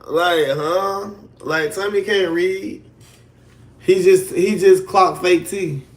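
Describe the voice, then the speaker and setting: A man's voice: sits high, steady tone, slow pace. A man on a casual livestream, trash-talking a rival with mocking, sing-song insults.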